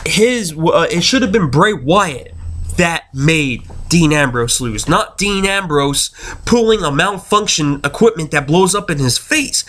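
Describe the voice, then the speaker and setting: Man ranting, pitch swinging wildly. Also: very animated, normal speed, fairly bright tone. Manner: angry, profane, exasperated ranting. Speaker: wrestling reviewer. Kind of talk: ranting video review.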